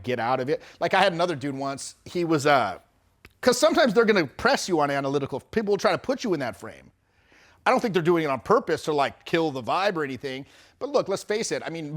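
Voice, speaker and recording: A middle-aged man coaching on social skills in a loose, chatty storytelling style, acting out the people he quotes and often restarting his sentences. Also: fairly high pitch. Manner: animated, acts out quoted people with shifting voices. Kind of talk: casual storytelling lesson.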